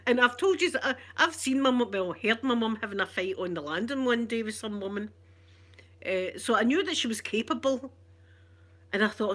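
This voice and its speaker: A Scottish woman telling a childhood story in chatty, animated ASMR style, often laughing. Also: on the high side, moderate pace.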